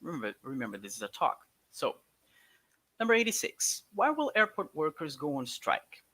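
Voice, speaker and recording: A man's voice: a little high, moderate pace. A man teaching English, walking a class through test answers in an emphatic, coaxing way. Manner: lively, emphatic, coaxing students along.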